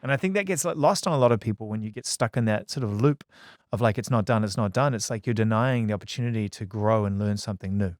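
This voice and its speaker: Fast-talking, animated male radio host. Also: lowish voice, no room sound, clean studio sound. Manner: quick, animated, joking and swearing. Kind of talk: casual radio interview. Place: radio studio.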